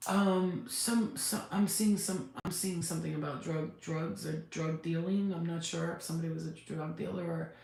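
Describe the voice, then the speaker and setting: Emotional halting woman medium, very echoey room. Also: on the low side, fairly even intonation, creaky, a little mellow. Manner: halting, repetitive, restarts words; emotional, near tears. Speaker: psychic medium. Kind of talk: live spirit channeling session. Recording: very echoey room, faint background noise.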